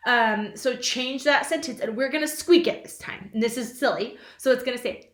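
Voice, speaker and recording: A young woman teacher leading a remote lesson for small children, modeling sentences slowly and playfully. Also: high voice, fairly even intonation, a bit bright. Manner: slow, exaggerated sentence modeling with playful silly voices. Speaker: kindergarten teacher. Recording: echoey room.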